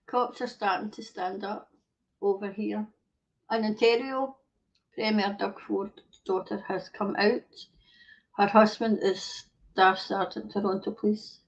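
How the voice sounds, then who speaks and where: A woman's voice: medium pitch, steady tone, a little slow. A woman hosting a live stream, ranting bluntly and swearing heavily while reading viewer comments. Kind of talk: casual ranting chat. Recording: dull lo-fi stream audio.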